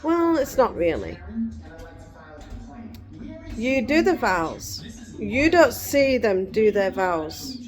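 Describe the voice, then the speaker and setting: A woman's voice: mid-range voice, big pitch swings, takes it slowly, pauses often. A middle-aged woman vlogging in casual chat, rambling and digressive.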